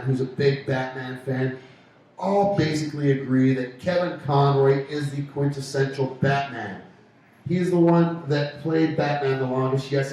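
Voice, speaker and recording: A Canadian man with a mellow, medium-pitched voice hosts a radio show from a pub, full of casual, rambling, joking banter. The recording sounds echoey and far off.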